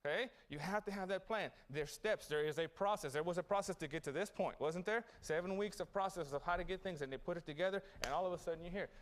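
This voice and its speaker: A man serving as graduation guest speaker at a city hall event motivates the audience through animated stories and direct questions. His high voice races along quickly with hardly any pauses.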